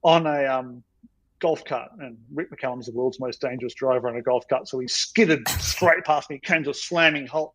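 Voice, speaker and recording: A man's voice: mid-range voice, normal speed, fairly bright tone, no room sound, poor audio. A man, a storyboard artist telling stories on a podcast in a rambling, self-deprecating way. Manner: rambling, self-deprecating, many ums and you-knows.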